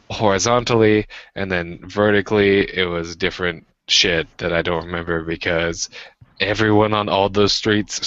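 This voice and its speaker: A man in his 20s from Washington state co-hosts a podcast, chatting casually and ranting with profanity. His voice is deep and a bit bright, recorded without echo but with the highs cut off.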